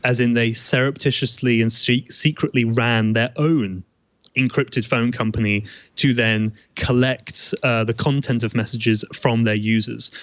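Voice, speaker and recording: A man's voice: medium pitch, no room sound, dull audio. A man being interviewed as a journalist from a remote line, explaining things fluently. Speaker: guest journalist.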